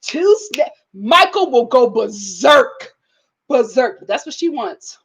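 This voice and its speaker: A young adult woman giving casual, animated commentary on a reality show, with mocking impressions and laughing asides. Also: high voice, slow, slightly rough. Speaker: commentary vlogger.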